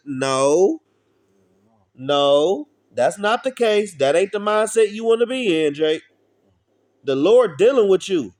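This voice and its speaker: A man's voice: high-pitched, very animated, slow pace. A man preaching an informal street sermon, blunt and profane, often asking his listeners questions.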